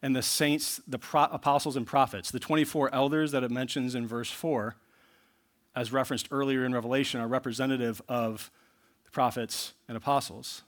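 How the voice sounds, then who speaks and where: A man preaching a sermon in an earnest way, going from low asides to loud bursts. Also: fairly even intonation, normal speed. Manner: earnest preaching, rising to loud bursts when reading scripture. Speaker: pastor.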